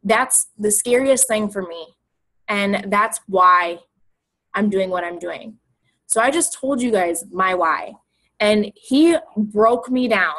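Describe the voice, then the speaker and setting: A woman's voice: mid-range voice, takes it slowly, a bit bright, low-quality recording. A young woman coach talking casually and emotionally, rambling and repeating herself. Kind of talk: casual motivational talk.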